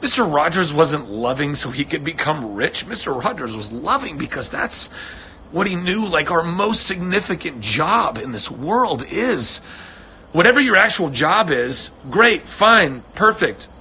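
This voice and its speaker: A man hosts a casual livestream from his ranch home, wandering from thought to thought in an earnest, unfiltered way. His voice sounds bright and forward, and he swears freely. Faint crickets chirp in the background. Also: on the high side, very animated, a little slow, slight background noise. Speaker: livestream host answering fans.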